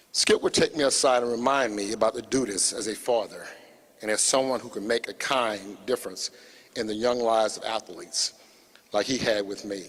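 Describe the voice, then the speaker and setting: A man's voice: on the low side, breathy edge, long reverb tail. A man from Louisiana, an athletic director, giving a prepared, earnest tribute to his late mentor at a memorial service.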